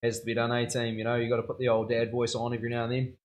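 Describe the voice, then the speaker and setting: Racing along in a monotone, medium-pitched voice, this young man live-streams casual chat from his tattoo studio as he works. He laughs a lot and leans heavily on slang.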